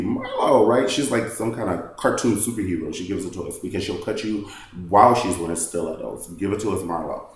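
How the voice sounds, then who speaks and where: A man hosting a casual recap, retelling scenes in an animated, sassy way and mimicking the people he talks about. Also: on the low side, normal speed, heavy reverb. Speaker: reality TV recap host.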